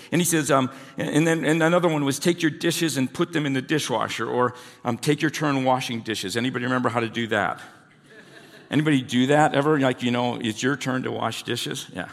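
A middle-aged man preaches in an easy, conversational way and keeps putting questions to the people in front of him. His voice sits at an ordinary mid pitch. The sound carries the long reverb of a large hall. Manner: conversational, asks the congregation questions. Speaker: pastor. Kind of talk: sermon. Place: church hall.

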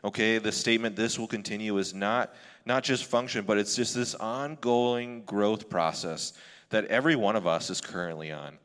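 A man's voice: deep voice, a bit bright. A male pastor giving a sermon in a candid, conversational way, often restarting his sentences. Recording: long hall reverb.

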